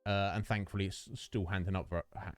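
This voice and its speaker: A man's voice: deep voice, level tone, a little fast, no echo, soft background music. A man chatting with viewers while streaming a game, rambling and joking, answering chat by name. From United Kingdom. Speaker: Twitch streamer. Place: home streaming setup. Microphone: studio dynamic microphone.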